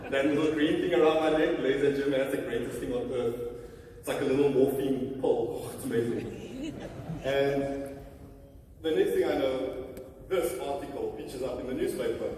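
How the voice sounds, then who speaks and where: A South African man in his thirties, a motivational speaker telling a humorous personal story to a conference audience, often turning to the crowd with "okay?" and "ladies and gentlemen". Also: mid-range voice, slight background noise. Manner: animated, humorous, addresses audience directly. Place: large conference hall. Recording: roomy hall from far off.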